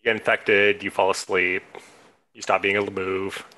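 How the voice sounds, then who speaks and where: A man with a husky voice, a guest on a game stream, making dry jokes. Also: low voice, little pitch movement, normal speed, pushed and bright, low-quality recording. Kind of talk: casual chat.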